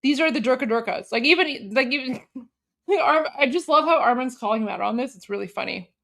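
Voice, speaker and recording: Mocking woman host with a high voice. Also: fairly quick, gravelly. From Canada. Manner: mocking, scornful and animated; eating while talking. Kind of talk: reaction commentary stream.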